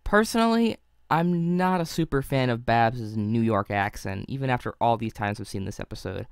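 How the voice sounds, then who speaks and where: A man's voice: medium pitch, normal speed, smooth, dry recording, studio quality. A young man narrating a scripted video review in an analytical way, with wry asides.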